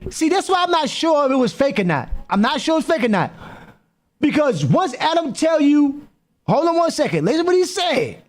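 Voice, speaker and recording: A man with a very high voice, reacting live to a clip on his stream. His pitch jumps all over the place. He repeats himself, keeps calling out to people and riffs loudly. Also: very animated, normal speed.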